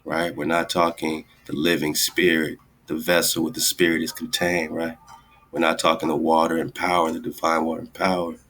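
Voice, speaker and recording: A man's voice: very deep voice, completely flat delivery, normal speed, a bit bright, slight background noise. A man hosting a radio talk show, rambling through ideas in casual commentary and tagging his lines with "right?" and "man". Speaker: radio host. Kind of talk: casual esoteric commentary over screen share.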